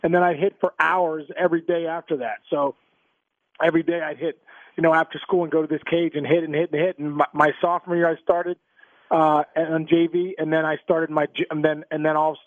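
High-voiced man on a tinny phone line. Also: fairly quick, no echo. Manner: animated, restarts and stammers, laughs through stories. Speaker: guest, former pro ballplayer. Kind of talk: casual storytelling interview.

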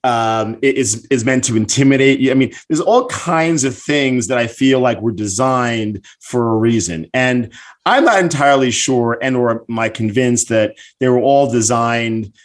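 A man's voice: mid-range voice, normal speed. A man hosting a podcast interview, asking long rambling questions with jokes. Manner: rambling, joking. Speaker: podcast host.

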